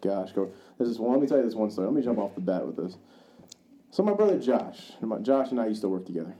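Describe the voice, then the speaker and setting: This male podcast co-host is a fast talker with a fairly low, dark voice and big pitch swings. His casual storytelling rambles, packed with fillers, restarts and free swearing, as he acts out other people's dialogue.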